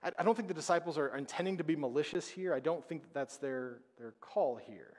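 A man preaching a sermon as pastor, conversational and emphatic, with dramatic pauses. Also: on the high side, lively intonation, darkish tone. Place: church sanctuary. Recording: long reverb of a church hall.

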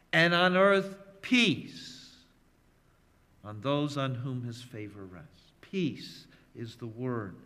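A man preaching a sermon as pastor, emphatic and measured, leaning on repeated phrases. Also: mid-range voice, bright, forceful tone. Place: church sanctuary. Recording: long reverb of a church hall.

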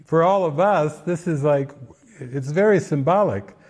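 A man's voice: fairly high pitch, lively intonation, normal speed, a little mellow. A man giving casual spiritual commentary in an earnest, playful way, now and then acting out little quoted voices.

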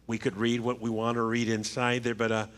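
Man preaching a measured funeral sermon. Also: mid-range voice, completely flat delivery, a bit bright. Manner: measured, halting delivery with repeated words. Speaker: pastor. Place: church sanctuary. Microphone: livestream church microphone.

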